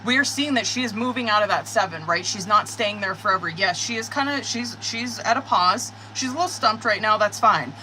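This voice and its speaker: A woman reads tarot on a live stream, fast to get fired up and quick to curse. Her voice is bright and crisp at an everyday pitch, with a faint background hum. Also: rough recording. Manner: excitable, cursing, talks to viewers. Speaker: tarot reader.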